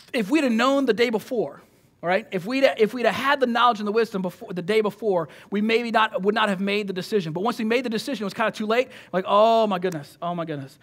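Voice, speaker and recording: Man, preacher, high voice, sermon, animated, conversational, frequent restarts.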